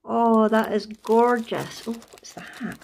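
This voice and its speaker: A Scottish woman in a casual craft unboxing vlog, excitable and gushing, with frequent gasps and delighted exclamations. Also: on the high side, takes it slowly, gravelly. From Scotland. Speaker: craft vlogger.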